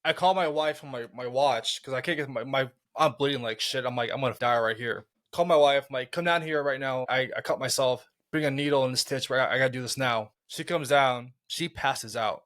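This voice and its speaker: A man's voice: mid-range voice, brisk, few pauses, fairly bright tone. Man telling a story with stammering restarts. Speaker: podcast co-host. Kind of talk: casual storytelling.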